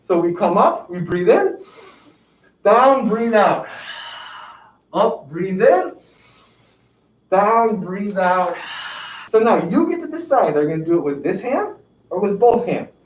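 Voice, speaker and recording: A yoga instructor leads an exercise class, counting out reps and offering upbeat encouragement. The voice is mid-range and animated, delivered slowly with long pauses. It was recorded in an echoey room with a distant mic and faint noise.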